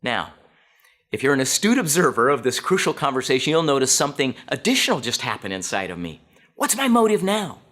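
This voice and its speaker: A man's voice: mid-range voice, brisk. A middle-aged man giving a talk to an audience, telling a personal story and acting out the dialogue in it. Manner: animated, acts out quoted dialogue. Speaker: speaker.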